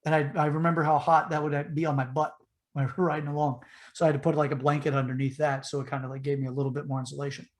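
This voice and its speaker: A man's voice: on the high side, very fast. A man telling a long story casually on a podcast, rambling with fillers and acting out the voices. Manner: animated retelling, acts out the voices in his story; loose and rambling, with many fillers and restarts.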